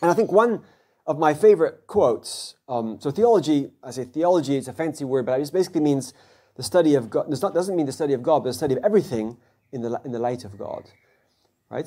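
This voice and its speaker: A man's voice: mid-range voice, dark tone. A man, a physics professor, giving a conversational public lecture to a live audience and often checking in with listeners. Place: event hall before an audience.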